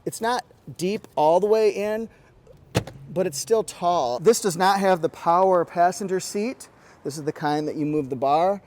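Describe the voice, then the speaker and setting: Male car reviewer, casual and quirky, fairly high voice, lapel mic inside a car. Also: measured pace, darkish tone, a little hiss or hum. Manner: chatty, quirky, jokey asides. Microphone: lapel mic pack.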